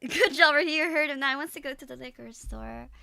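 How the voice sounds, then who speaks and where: A woman's voice: high-pitched, brisk, gravelly, pushed and bright. A woman streamer chatting and reacting, giggly and teasing, repeating words playfully. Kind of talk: live-stream reaction chat.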